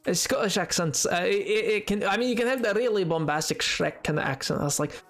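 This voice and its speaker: A man's voice: sits high, a little fast, fairly bright tone, faint music behind. A man chatting casually while streaming a video game, rambling with stammered restarts and frequent laughter. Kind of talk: casual gaming stream chat.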